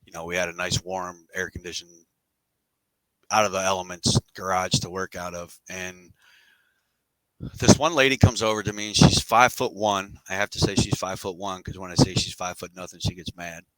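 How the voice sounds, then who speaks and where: A man's voice: sits low, steady tone, normal speed, a bit bright, no room sound, poor audio. A middle-aged man telling his story as a podcast guest, candid and rambling with casual slang.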